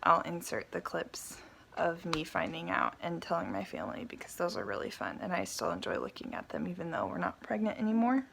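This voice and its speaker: A young woman telling a personal story on her vlog, animated and often laughing. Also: on the low side, fairly quick, gravelly, noisy background. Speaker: vlogger.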